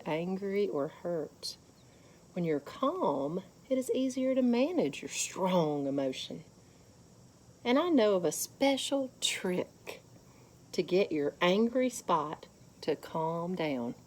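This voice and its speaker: A woman with a fairly low pitch leads a children's lesson at church. She gently guides the kids through counting and calm breathing.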